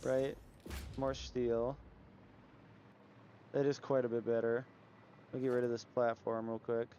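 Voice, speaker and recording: A man's voice: medium pitch, flat delivery, brisk, dark tone, dull audio, a little hiss or hum. A man livestreaming a building game, thinking aloud in a musing, casual way as he tries out changes. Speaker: gaming livestreamer. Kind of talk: casual gameplay commentary.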